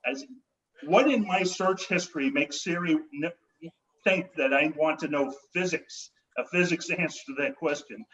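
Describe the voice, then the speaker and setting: A man hosts a comedy night and tells his own jokes in a wry, halting way. His voice sits a little high. He comes through a video call, and the sound is dull and lo-fi. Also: fairly bright tone. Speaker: comedy show host.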